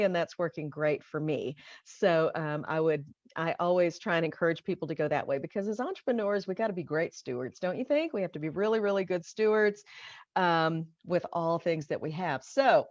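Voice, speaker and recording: Speaking in a lowish voice, a middle-aged woman coaches voiceover online as a business coach, teaching casually to camera. She's chatty and encouraging and keeps checking in with listeners. The home recording is dull and dry, with no room sound.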